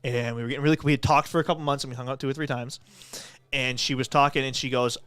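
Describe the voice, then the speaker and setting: Man, 20s, rapid rambling speech, profane, filler-heavy, dry studio sound. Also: medium pitch, fairly even intonation, a bit bright, clean tone, no echo. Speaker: podcast co-host and streamer. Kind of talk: casual chat. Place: podcast studio with cameras.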